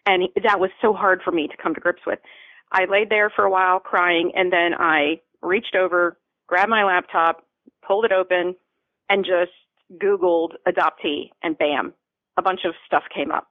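A woman's voice: fairly low pitch, fairly even intonation, normal speed, no echo. A woman from Florida, a podcast guest, tells an emotional personal story in an earnest way and repeats phrases for emphasis. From Florida, USA. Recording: phone-like line, dry.

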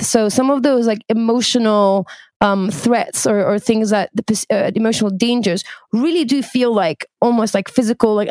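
A woman's voice: fairly high pitch, a little mellow, no room sound. Woman practitioner reflecting on clients. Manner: reflective, explanatory. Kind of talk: casual conversation.

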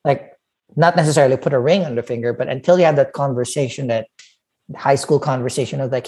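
A woman with a very low voice chats casually on a podcast. She thinks aloud in trailing half-sentences and throws in playful asides. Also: normal speed, a little mellow. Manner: musing, trailing thoughts, playful interjections. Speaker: podcast co-host. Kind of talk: casual chat.

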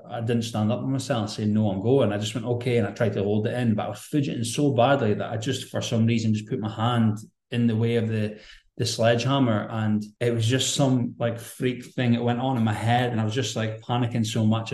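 A man talks through his own story as a podcast guest, earnest and rambling in a loose, conversational way. His voice sits at a middling pitch with a dark, mellow tone. The recording carries a noticeable echo from the room. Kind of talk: candid personal storytelling.

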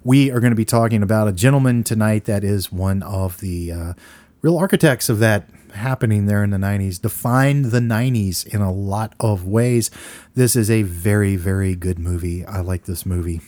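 A middle-aged man with a low, mellow voice hosting a casual movie podcast. He rambles and jokes his way through anecdotes into a close, dry mic. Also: moderate pace, dry recording. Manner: rambling, joking, laid-back storyteller. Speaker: podcast co-host.

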